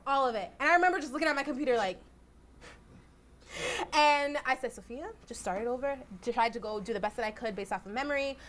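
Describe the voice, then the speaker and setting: A young woman, a journalist, telling stories in a casual, animated way and acting out quotes. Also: a little high, brisk, a little hiss or hum. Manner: animated, acts out quotes with "I was like". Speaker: journalist guest speaker. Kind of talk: casual storytelling talk. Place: lecture hall.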